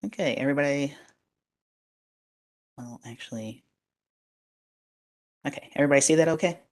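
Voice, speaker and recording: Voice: medium pitch, normal speed. A presenter leading a live webinar over a computer microphone, talking casually with many fillers and restarts. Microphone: computer microphone on a video call.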